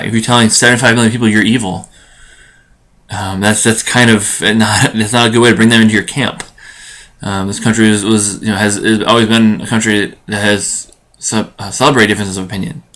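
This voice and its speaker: A man's voice: on the low side, a bit bright. A man hosting his own podcast, giving a solo commentary monologue with lots of ums and restarts. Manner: halting, full of ums and restarts. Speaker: podcast host.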